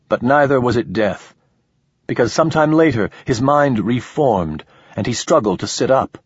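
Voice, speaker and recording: Man, audiobook narration, measured delivery, lowish pitch, dull lo-fi sound. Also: breathy edge, no echo. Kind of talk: scripted narration.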